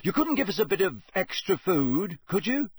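A man's voice: high voice, sing-song, normal speed, husky, no room sound, clean studio sound, pitched above the performer's own voice, exaggerated voice. A man voicing a hopeful, hungry teenage boy wizard, coaxing with rising questions in an audiobook reading. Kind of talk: audiobook character voice.

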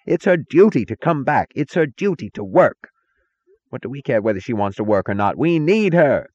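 A man's voice: mid-range voice, very animated, moderate pace, darkish tone, lo-fi sound, voice pushed up. A man narrating a novel and voicing a panicked male railroad executive who screams and blames others. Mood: shrill. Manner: screaming, blaming.

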